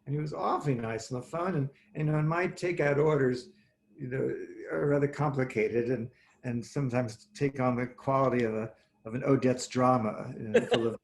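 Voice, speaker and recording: Man, interview guest, wry theatrical storytelling, video call audio, faint background noise. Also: mid-range voice. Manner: wry, theatrical storyteller, lively asides and restarts. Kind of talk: anecdotal storytelling.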